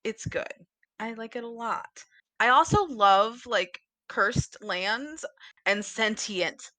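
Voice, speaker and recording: Woman podcast co-host, bright and dry-sounding, rambly and giggly. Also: fairly high pitch, animated, takes it slowly, no echo. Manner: rambling, giggly, many fillers. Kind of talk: casual chat about books.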